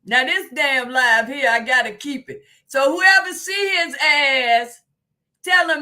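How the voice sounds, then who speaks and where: A woman hosting a live stream in casual chat, loud and exclaiming, laughing and swearing often. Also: high-pitched, slow. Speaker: livestream host.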